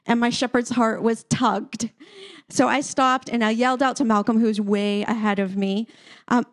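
A woman pastor giving a sermon, telling a personal story in a relaxed, conversational way with occasional light laughter. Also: on the high side, normal speed.

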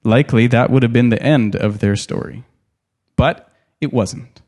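A man reading a novel aloud in an expressive, dramatic way, pausing to add his own comments. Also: medium pitch. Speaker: storyteller.

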